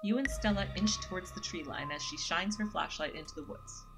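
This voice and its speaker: A woman's voice: on the low side, a little fast, over music. A woman streaming a horror visual novel, chatting and reading the text aloud. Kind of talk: casual game narration.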